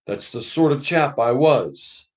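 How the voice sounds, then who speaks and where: A man's voice: mid-range voice, expressive, slow pace, pitched above the performer's own voice. A man reading aloud and voicing a blustering, self-righteous big ghost from a storybook. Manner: aggrieved, blustering.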